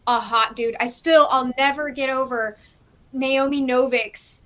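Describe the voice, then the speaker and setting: High-pitched chatty woman. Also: steady tone, measured pace, a bit bright. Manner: chatty, enthusiastic, laughs often, many fillers. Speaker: co-host of a live reading sprint stream. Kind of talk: casual chat.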